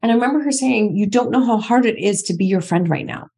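A woman's voice: on the high side, fast talker, darkish tone, husky. A middle-aged woman, a podcast guest, telling her own story candidly and emphatically, repeating phrases for stress.

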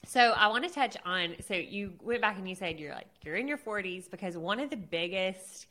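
A woman's voice: medium pitch, expressive, moderate pace, sharp tone. A woman hosting a podcast, interviewing her guest in a friendly, conversational way and laughing along. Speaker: podcast host, marketer.

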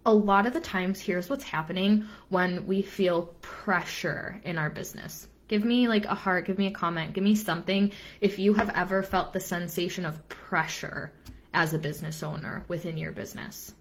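A woman's voice: fairly low pitch, normal speed. A young adult woman business coach giving an earnest live-stream talk, repeating phrases for emphasis and dropping casual asides.

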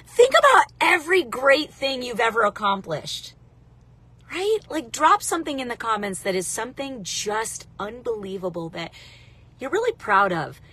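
A woman in her thirties hosting a casual motivational talk, chatty and direct with viewers, congested from allergies and clearing her throat. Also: on the high side, sing-song, normal speed, bright, forceful tone. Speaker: motivational livestream host.

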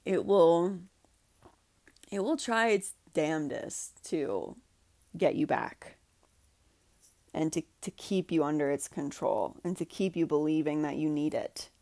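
Earnest woman podcaster, gravelly low voice. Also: lively intonation, unhurried, pauses often, no room sound. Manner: earnest, heartfelt, says "like" often; drops to soft, breathy guidance during a breathing exercise. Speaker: podcast host, coach. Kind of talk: emotional solo podcast talk.

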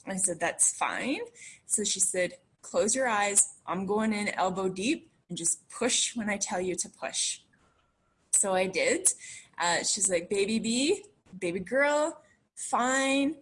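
A woman's voice: medium pitch, slight background noise. A woman in her thirties telling a story about giving birth to her twins in casual conversation. She talks in a chatty way, laughs often and acts out the voices of the people she quotes.

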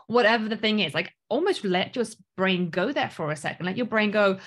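Business coach, woman, thirties, British accent with a light South African tinge, earnest and direct, mid-pitched. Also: lively intonation, brisk, hardly any pauses. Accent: mostly British with a light South African tinge. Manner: earnest, coaching, asks rhetorical questions. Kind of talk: motivational solo talk.

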